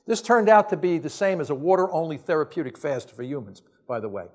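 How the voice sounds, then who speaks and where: A man's voice: on the high side, expressive, fast, darkish tone. A man giving a science lecture to an audience, emphatic and exasperated, firing off blunt rhetorical questions in casual, off-the-cuff phrasing.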